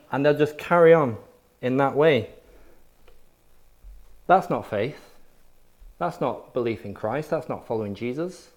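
Emphatic preacher. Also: male voice, mid-range voice, moderate pace, long pauses, darkish tone. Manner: emphatic, punchy repetition. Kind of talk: sermon.

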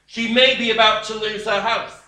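A man preaching a sermon slowly and emphatically, dropping at times to a quiet voice. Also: sits high, level tone. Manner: slow, emphatic preaching with sudden drops to a quiet voice. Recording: echoey room.

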